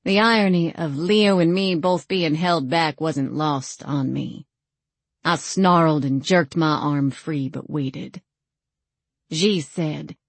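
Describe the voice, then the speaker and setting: A woman reading a first-person novel aloud as an audiobook narrator, in a measured, dry storytelling manner. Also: deep voice, gravelly, no echo.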